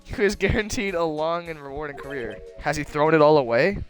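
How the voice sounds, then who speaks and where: A man reading a male TV news anchor's lines in a measured, announcer-like way. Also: on the high side, expressive, faint music behind, close to an everyday voice. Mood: formal.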